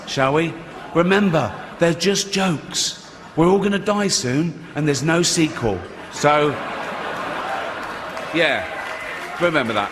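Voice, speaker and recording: A man's voice: fairly high pitch, fairly bright tone, slight background noise. A man hosting an awards show with a mocking comic monologue. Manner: mocking, teasing the audience. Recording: large hall with a crowd.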